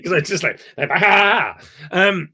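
A man leading an online acting workshop. He is animated and digressive, repeating words when he gets excited, heard over a video call. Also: sits high, extremely slow, husky. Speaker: theatre director leading a workshop.

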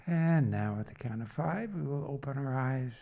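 A man calmly guiding a group through breathing and relaxation, slow and soft. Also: medium pitch, creaky, lo-fi sound. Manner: slow and calm, soft whispery delivery. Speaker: group participant leading relaxation. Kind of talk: guided breathing instruction.

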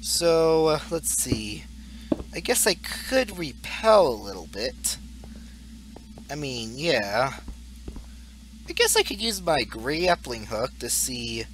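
Young male gaming YouTuber, slow and singsong, giggly, rambling commentary over faint noise. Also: mid-range voice, very animated. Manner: rambling, goofy, laughs at his own jokes. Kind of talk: casual Let's Play commentary.

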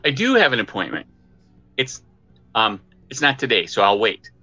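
A man's voice: fairly low pitch, wildly swooping pitch, moderate pace, sharp tone. A man playing a tabletop game, speaking hesitantly and stumbling over his words. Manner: hesitant, stammering. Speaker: player.

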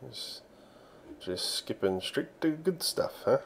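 A young man casually commentating his own strategy game while he plays, excitable and talking to himself. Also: mid-range voice, takes it slowly, creaky, slight background noise. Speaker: gaming channel host.

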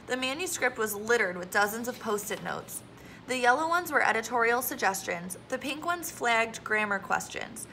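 A woman reads a children's novel aloud, steady and clear. Her voice sits slightly high and bright, with a gravelly edge, and a faint hiss under it. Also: moderate pace, poor audio. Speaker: audiobook reader.

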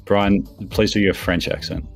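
A man casually commentating a video game match on stream, chatty and teasing, with quick bursts of excitement on plays. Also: low-pitched, vocal fry, soft background music. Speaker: esports commentator.

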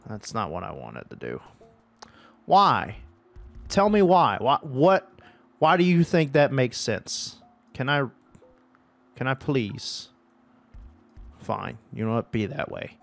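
A man's voice: medium pitch, sing-song, unhurried, creaky, long pauses, soft background music. A young man giving profane, exasperated commentary while playing a video game, talking at the game. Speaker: gaming YouTuber. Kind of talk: frustrated gameplay commentary.

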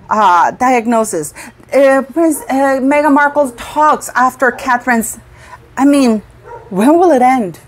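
A middle-aged woman hosting her own commentary channel, talking casually and indignantly, repeating words for emphasis. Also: on the high side.

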